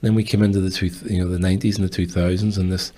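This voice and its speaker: Deep-voiced Northern Irish man. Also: level tone, very fast, dark tone. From Belfast, Northern Ireland. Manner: quizzes the others, makes points. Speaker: guest. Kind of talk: casual conversation.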